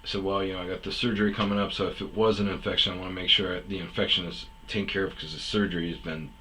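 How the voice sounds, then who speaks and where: A podcast host tells a long personal story in a low, level, bright and forceful voice, racing through it. His casual, rambling delivery is full of fillers and quoted back-and-forth, and the rough recording has slight background noise.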